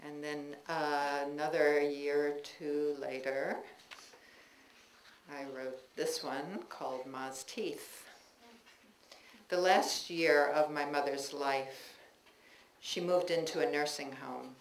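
Memoir reader, woman, wry expressive delivery, lowish voice, roomy bookstore acoustics. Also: slow pace. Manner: wry, expressive storytelling with warm laughter. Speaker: writer reading her work. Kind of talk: live memoir reading. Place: bookstore reading, indoors. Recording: roomy bookstore with faint noise.

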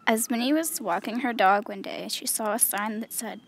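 A woman reading a children's story aloud in a clear, measured storytelling voice. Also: a little high, noisy background. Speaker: storybook reader.

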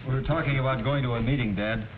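A matter-of-fact family father played by an actor speaks quickly and plainly. The audio is thin and phone-like, with a faint hiss from an old film. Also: medium pitch, steady tone, close to an everyday voice. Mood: calm. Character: family father, calm and practical. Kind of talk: 1940s educational film acting. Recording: tinny, hissy 1940s film soundtrack.

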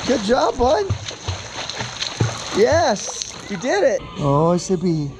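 A man's voice: high voice, wildly swooping pitch, takes it slowly, very noisy. A man playing with his son at a swimming pool, talking patiently, encouraging and teasing him. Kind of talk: casual playful chat with a child. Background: music.

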